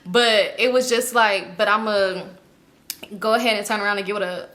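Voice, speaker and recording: A young woman tells a story in relaxed slang, lively and quick to act out the people in it. Her voice sits at a middle pitch and sounds bright and forward. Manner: slangy, animated, acts out quoted people. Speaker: storytime vlogger. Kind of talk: casual storytelling.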